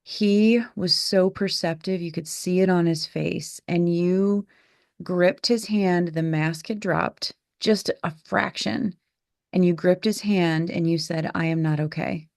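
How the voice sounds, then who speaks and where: A woman's voice: fairly low pitch, steady tone, takes it slowly, gravelly, darkish tone, no room sound, studio quality. A woman in her forties hosting a candid podcast, telling a family story in an earnest, reflective way. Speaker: podcast host and mother.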